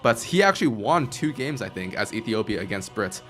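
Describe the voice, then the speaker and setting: An American man from Chicago casting a live strategy game, calm and analytical. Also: on the low side, fairly quick, faint music behind. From Chicago, United States. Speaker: esports caster.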